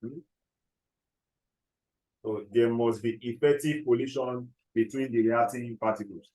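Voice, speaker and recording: Male teacher, dictates notes slowly, checks in with class, echoey classroom. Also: medium pitch, steady tone, dark tone. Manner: repeats key phrases slowly, checks understanding often. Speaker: chemistry teacher.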